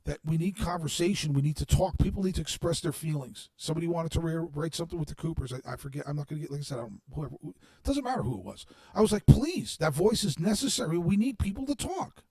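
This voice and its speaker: Man, 40s, slightly high voice, dry close sound; blunt, swearing monologue to his viewers. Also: lively intonation, rapid-fire, creaky, dry recording. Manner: blunt and heavily profane, swinging from quiet reflection to shouted anger. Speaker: streamer addressing his audience. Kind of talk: unscripted monologue.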